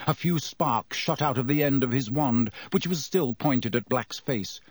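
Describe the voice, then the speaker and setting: A man narrating an audiobook in a measured, expressive way. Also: medium pitch, dry recording.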